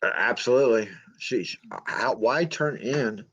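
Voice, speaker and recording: A man's voice: mid-range voice, normal speed, a bit bright, breathy edge, muffled recording. A man hosting a sports podcast, chatting casually and agreeing with his guest. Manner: short agreeing replies. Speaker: podcast host.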